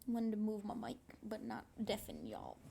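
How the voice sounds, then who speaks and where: A woman streaming, chatting casually with swearing and reading a novel aloud, often in a soft whisper. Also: mid-range voice, wildly swooping pitch, normal speed, gravelly, heavy background noise.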